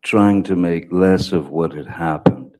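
A man testifying from the witness stand in a courtroom, his voice extremely deep and dark in tone. He talks slowly and haltingly, stopping and restarting his sentences and filling gaps with hesitant pauses. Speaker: trial witness.

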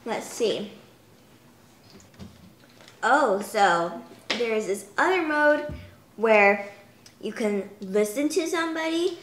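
Young woman, slightly high voice, unhurried and chatty, home demo. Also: lively intonation, fairly bright tone, reverberant, slight background noise. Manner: chatty, many "like" fillers. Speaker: toy demonstrator. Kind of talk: casual product demo.

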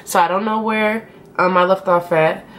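A woman's voice: medium pitch, steady tone, moderate pace, slight background noise. A young woman casually chatting to her viewers as she does her makeup, with a slangy, talkative manner. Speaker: beauty vlogger. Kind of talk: casual makeup tutorial talk.

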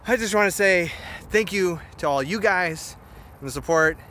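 A man's voice: high voice, normal speed, sharp tone, slight background noise. Rambling young man vlogging outdoors by phone. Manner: rambling, frustrated, turns wistful. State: a little out of breath. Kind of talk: casual outdoor selfie vlog. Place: outdoors by a muddy wildlife preserve near an airport. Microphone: phone held at arm's length.

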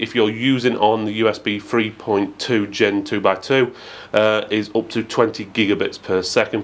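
A man giving a methodical, matter-of-fact product review with frequent fillers. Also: fairly low pitch. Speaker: tech reviewer.

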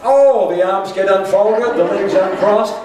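A man's voice: high-pitched, unhurried, a little mellow. An older man preaching a sermon, telling a personal story with humour and asides to the congregation. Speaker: pastor. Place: church hall. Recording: echoey church hall from far off.

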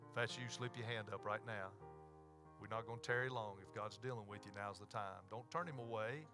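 A man's voice: lowish voice, brisk, music in the background. A man, a pastor closing a sermon with an altar call and prayer in a pleading, repetitive preacher cadence. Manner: pleading Southern preacher cadence, repeated invitations. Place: church sanctuary.

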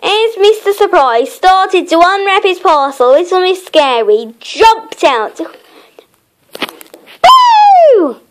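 A woman narrating her own homemade children's story in a gentle storytelling manner. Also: very high voice, expressive, slight background noise. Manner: gentle, slow storytelling with small laughs.

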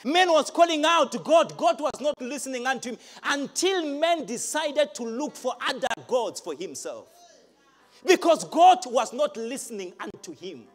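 High, lively man preaching to a congregation. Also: normal speed, soft background music. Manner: emphatic, rising to shouts, asks the crowd questions. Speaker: pastor. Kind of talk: live preaching. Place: large church hall.

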